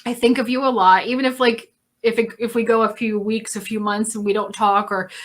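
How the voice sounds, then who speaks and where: A woman hosting a casual interview over a video call, effusive and heartfelt, rambling warmly with lots of fillers. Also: fairly high pitch, steady tone, a little fast. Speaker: host. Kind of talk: emotional casual interview chat.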